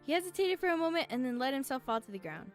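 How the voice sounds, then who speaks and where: Young female streamer, high voice, reads game text aloud, gets teary and swears casually. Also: very animated, rapid-fire, soft background music. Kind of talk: reading a romance game aloud while playing.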